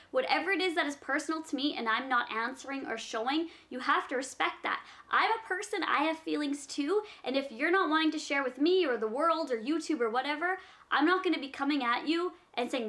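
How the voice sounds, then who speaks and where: A young woman with a high, light voice talks straight to her viewers in a casual question-and-answer vlog. She reads out each question, then answers it with earnest, practical advice. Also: pushed and bright.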